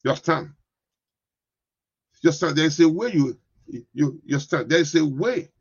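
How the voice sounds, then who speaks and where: A pastor preaches in a slightly raised, husky voice. He keeps circling back to the same questions and asks whether the congregation understands. The recording is dry and a little dull. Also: a little high, animated, moderate pace, no room sound. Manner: repetitive, keeps asking "you understand?". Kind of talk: sermon.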